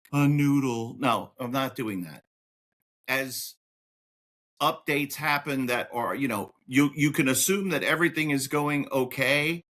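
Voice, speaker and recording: A man hosting a podcast in casual chat, talking excitably and swinging his pitch up and down. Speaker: podcast host.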